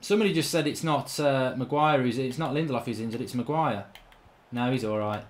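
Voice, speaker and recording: A man giving live gameplay commentary as a channel host, ranting in exasperation with lots of swearing, swinging between low mutters and shouting. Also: a little fast.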